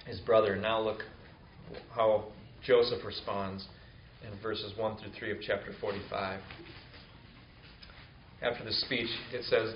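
A man giving a sermon, reading scripture aloud and then explaining it in a relaxed, conversational way with fillers. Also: mid-range voice, a little hiss or hum. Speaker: pastor. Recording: roomy, slightly dull sound with faint ambience.

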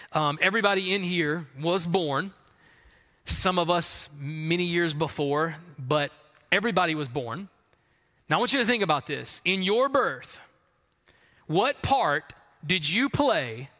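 A man preaching a conversational sermon to a congregation, acting out the people in his story. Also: fairly high pitch. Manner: conversational, acts out quotes, rising excitement. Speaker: pastor. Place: large hall with congregation. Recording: long hall reverb.

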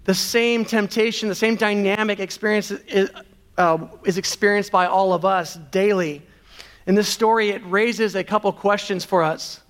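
A man's voice: sits high, steady tone, moderate pace, a bit bright. A man preaching a sermon, earnest, with rhetorical questions. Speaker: pastor.

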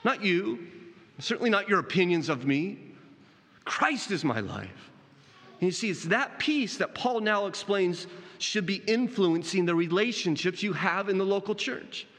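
A pastor delivering a sermon, a man with a bright, penetrating tone and a voice pitched somewhat high. He preaches earnestly, climbing for emphasis and sinking low to press a point, often putting questions to the congregation. The sound rings with a long church-hall reverb. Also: normal speed. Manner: earnest preaching, animated rises and drops, rhetorical questions.

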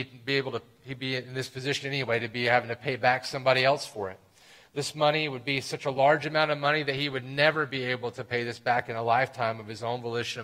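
A man's voice: mid-range voice, pushed and bright, rough recording. A man preaching a sermon, reading scripture aloud and acting out its voices with passion. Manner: impassioned, acts out voices in scripture. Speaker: pastor.

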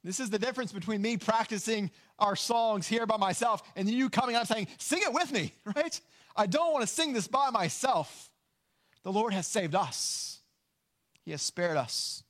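A man preaching a sermon, earnest and emphatic, slowing down to stress key lines. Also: high-pitched, expressive, fairly bright tone. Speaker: pastor.

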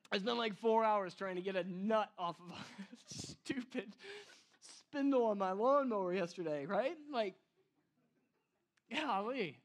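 A man preaching a casual sermon to his church, chatty and self-deprecating, often laughing at himself. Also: high-pitched. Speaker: pastor.

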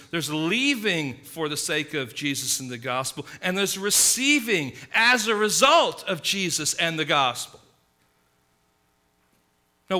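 Guy preaching, really bright ringing voice, punchy then quiet. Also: a little high. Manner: emphatic preaching, swinging between loud stresses and hushed asides. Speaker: pastor. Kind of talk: sermon.

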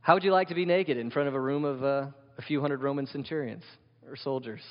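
A man's voice: medium pitch, fast. Male pastor, emphatic sermon delivery, questioning the congregation, dull lo-fi sound with long hall reverb.

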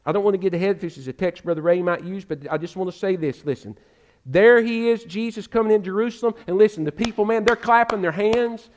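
A man preaching a sermon with passion, calling his listeners "friend" and swinging from loud exhortation to hushed pleading. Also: high-pitched, quick pace. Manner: addresses listeners directly as "friend". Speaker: pastor.

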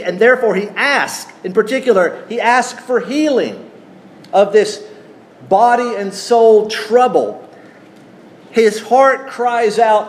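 A man preaching a sermon, teaching at an unhurried pace and putting questions to his congregation. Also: high voice. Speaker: pastor.

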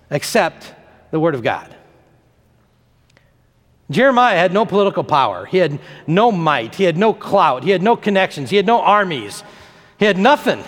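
In this sermon, a male pastor with a slightly high voice preaches in an animated, emphatic way, building momentum through repeated phrases. Each line is followed by a long trail of reverb.

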